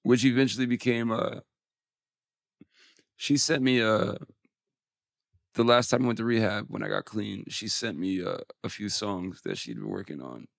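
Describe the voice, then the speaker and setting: A man's voice: fairly low pitch, moderate pace, vocal fry, long pauses, no echo, clean studio sound. A man in his forties, a musician guest on an interview podcast, telling a personal story candidly and emotionally, with some swearing.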